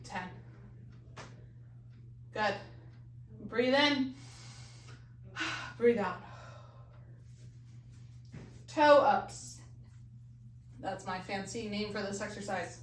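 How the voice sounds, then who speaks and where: A woman's voice: mid-range voice, slow pace, pauses often, far from the mic. A woman leading a balance exercise class, counting reps and giving coaching cues, a little out of breath. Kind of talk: live fitness class instruction. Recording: echoey room, voice off-mic.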